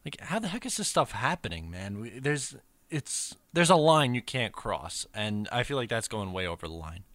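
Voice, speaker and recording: Bright-voiced man in sports chat. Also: medium pitch, sing-song, normal speed, no echo. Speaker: podcast co-host.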